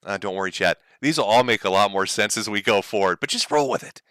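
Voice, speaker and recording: A man's voice: fairly low pitch, quick pace, fairly bright tone, clean tone, dry recording. A man hosting a livestream, talking to his chat with sarcastic, mocking commentary and frequent laughs. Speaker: streamer host.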